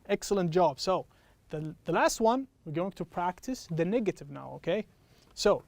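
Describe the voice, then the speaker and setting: A man teaching an English pronunciation lesson, patiently checking in with "okay?" and slowing down to model each example phrase. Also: high voice, animated, vocal fry, a little mellow, no echo. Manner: patient, repeats "okay?" after each point.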